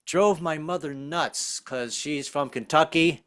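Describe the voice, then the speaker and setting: A man's voice: a little high, takes it slowly, a bit bright, smooth. A man in his sixties doing a jokey stand-up comedy set over a video call, slipping into silly voices. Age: 60s. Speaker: stand-up comic.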